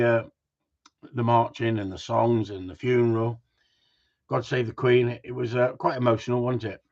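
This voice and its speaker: A man's voice: on the low side, husky. A man hosts a live stream as a dog trainer, chatting casually and joking while he answers viewers' questions. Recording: dull lo-fi stream audio.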